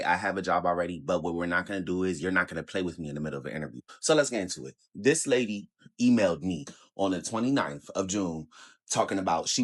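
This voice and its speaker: Guy ranting to the camera, kinda low voice, heated and cussing a lot. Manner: heated, profane, storytelling. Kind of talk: casual rant to camera.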